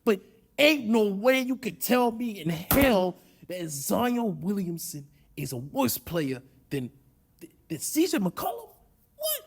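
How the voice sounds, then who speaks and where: A man doing a loud impression of an indignant male sports TV pundit, full of theatrical outrage. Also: sits high, huge pitch swings, takes it slowly, background noise, voice pushed up, full character voice. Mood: incredulous.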